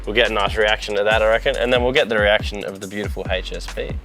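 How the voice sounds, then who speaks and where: A man's voice: lowish voice, steady tone, fast, pushed and bright, soft background music. A man with an Australian accent hosting a casual car vlog from inside a car, laid-back and using local slang. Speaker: host.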